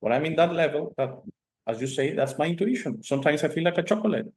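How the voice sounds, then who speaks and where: A man's voice: fairly high pitch, fast. A male host with Spanish as his first language, telling stories emphatically and tagging sentences with "okay?". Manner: animated storytelling, frequent "okay?" tags, emphatic. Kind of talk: casual conversation.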